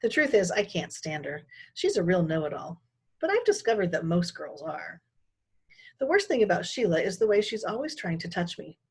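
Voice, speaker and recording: A woman teacher reading a children's book aloud, her voice husky and breathy. She reads with lively, swooping pitch and plenty of expression. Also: normal speed. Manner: expressive, animated storytelling. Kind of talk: storybook read-aloud.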